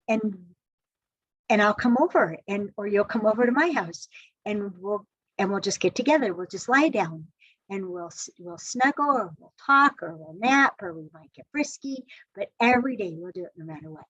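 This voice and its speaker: A woman hosting a live relationship Q&A, telling a personal story in a chatty, animated way with asides to viewers. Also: medium pitch, husky, no room sound. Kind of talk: casual live-stream storytelling. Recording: dull lo-fi stream audio.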